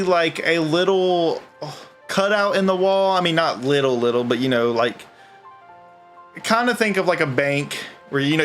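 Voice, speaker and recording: A man's voice: on the high side, a bit bright. A man narrating as game master of a tabletop game, rambling with lots of fillers and laughs.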